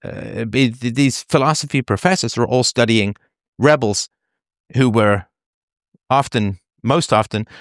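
A man's voice: medium pitch, a little slow, dry recording, studio quality. A man, an author, talking at length in a conversational interview, emphatic and digressive with a slightly sardonic edge.

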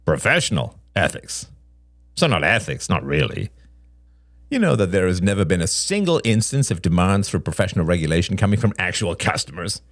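A man playing a scornful middle-aged father with a gruff, mocking manner in a read-aloud story. The voice is deep, swings through wide, lively pitch, and sits in a dry space right on the mic. He snaps and sneers at his son. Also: brisk, no room sound, exaggerated voice. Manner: gruff, mocking, laughs harshly.

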